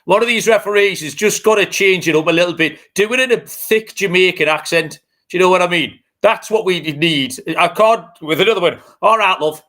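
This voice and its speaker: A man, co-hosting a podcast in loose, casual chat. His voice is bright and a touch high, and he rants bluntly with plenty of swearing. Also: brisk. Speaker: podcast co-host.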